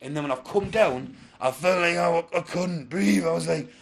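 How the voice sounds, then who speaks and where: A man with a fairly high voice, telling a story as a podcast guest, swearing and acting out voices with big shouts. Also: moderate pace, a little hiss or hum. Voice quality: high-pitched voice. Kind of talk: animated storytelling.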